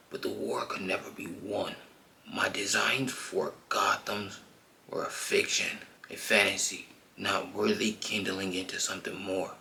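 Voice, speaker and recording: A man voicing a brooding, gruff male vigilante hero in a low, gravelly voice, terse and often hushed. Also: slight background noise, full character voice, poor audio.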